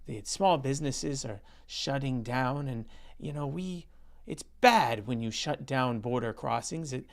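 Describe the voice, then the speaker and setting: A whiny, self-righteous politician in a mocking podcast bit, as a man puts him on. The voice sits higher than his usual and has a gravelly rasp under it. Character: mock prime minister, smug nasal politician man.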